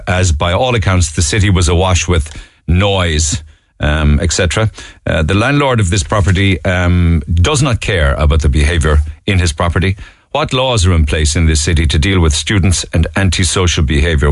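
A middle-aged man with a Cork Irish accent hosting a radio phone-in, chatty and relaxed. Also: deep voice, dry recording. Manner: chatty, relaxed, laughs easily. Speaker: radio talk show host. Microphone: studio mic.

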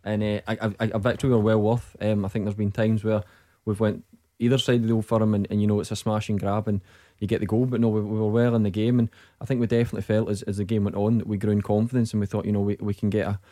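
A man, a football captain, speaking as a guest in a radio studio, talking fast with repeated words. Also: lowish voice, little pitch movement, warm tone. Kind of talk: casual studio chat.

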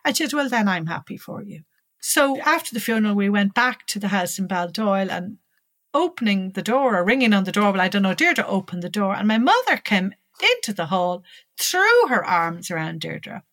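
An older woman with an Irish accent telling a personal story in an interview, growing animated as she recalls conversations. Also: mid-range voice, moderate pace, no room sound. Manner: animated, lively when recalling dialogue.

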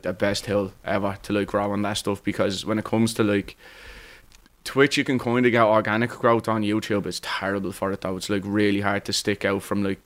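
A young man with a Dublin accent chatting casually as a streamer guest, rambling and swearing with lots of fillers. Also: fairly low pitch. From Ireland. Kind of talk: casual podcast chat.

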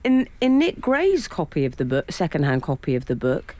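A woman co-hosting a radio show in a studio, teasing and quick with comebacks. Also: low-pitched, huge pitch swings, warm tone. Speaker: radio co-host. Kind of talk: casual radio banter. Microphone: studio microphone.

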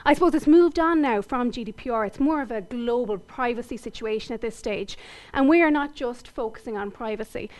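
A woman's voice: fairly high pitch, a little fast, darkish tone. An Irish woman interviewed on the radio about her tech company, upbeat and confident. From Ireland. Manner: upbeat, confident business talk.

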